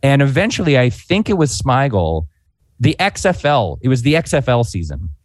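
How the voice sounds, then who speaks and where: Animated storytelling man, dry close sound. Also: mid-range voice, no echo. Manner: animated, fast-paced anecdote with frequent "like" fillers. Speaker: podcast guest, former comedy writer. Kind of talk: storytelling in casual chat. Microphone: podcast microphone.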